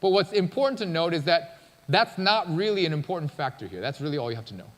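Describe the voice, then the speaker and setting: Casual preacher in a reverberant church. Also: male voice, a little high, lively intonation, fast. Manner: casual, conversational storytelling. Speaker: pastor. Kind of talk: sermon. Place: church sanctuary. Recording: long church-hall reverb.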